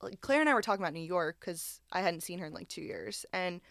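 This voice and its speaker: Young woman, casual chat, smooth clear voice, dry room, lots of laughter. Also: lowish voice, quick pace, no echo. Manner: animated storytelling, laughs often, acts out quotes. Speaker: podcast co-host.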